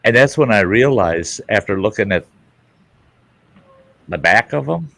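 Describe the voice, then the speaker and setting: A man hosting a laid-back livestream chat, spinning a long, crude anecdote. He swears freely and keeps circling back for laughs. His voice sits very low and sounds dry and close. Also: animated, unhurried, vocal fry, fairly bright tone, no echo. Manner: rambling anecdotal storytelling with crude humor and swearing. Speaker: livestream host. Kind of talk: casual chat.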